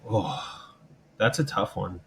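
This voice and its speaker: A man with a very low voice talks through his band's touring plainly and calmly. He fills pauses with "um" and "you know". Faint noise sits under the recording. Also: gravelly. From Canada. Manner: steady, thoughtful, many "um" and "you know". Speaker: band member. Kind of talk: casual interview answers.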